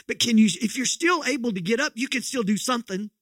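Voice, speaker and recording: A man's voice: extremely high pitch, quick pace, few pauses, a bit bright, no room sound, studio quality. A middle-aged man preaching a sermon as pastor, telling a story in a folksy, joking way with many restarts.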